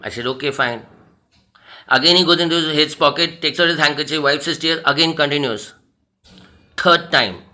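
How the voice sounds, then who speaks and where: A man's voice: fairly high pitch, normal speed, pauses often, pushed and bright. A man with an Indian English accent, a personality development trainer telling a story in a motivational talk, earnest and repeating phrases for emphasis.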